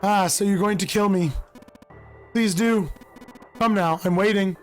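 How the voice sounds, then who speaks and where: A slightly hoarse man voicing a cold, polite, murderous older male villain in a calm, measured way. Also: high-pitched, faint music behind. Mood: taunting.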